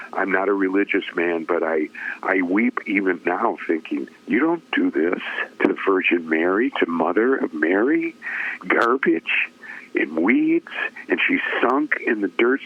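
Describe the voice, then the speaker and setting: A man with a low voice recounts a personal story on a tinny, phone-like line, and the sound is thin and narrow. He tells it dramatically, rising with emotion and acting out each quoted voice. He is a seasoned radio talker speaking as an interview guest. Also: animated, unhurried. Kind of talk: personal testimony in conversation.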